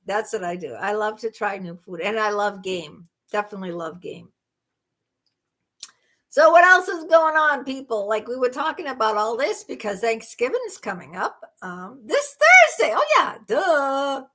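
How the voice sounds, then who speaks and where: A woman's voice: medium pitch, very animated, normal speed, fairly bright tone. A woman hosting a casual livestream chat, rambling and exclaiming in disbelief. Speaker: livestream host.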